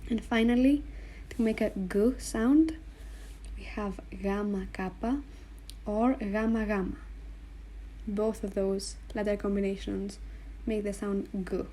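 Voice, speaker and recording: Explaining letters on a board, this woman works through Greek letter combinations with slow patience. Her voice is medium in pitch and dark in tone, and she spells out every sound, repeating each one for the learner.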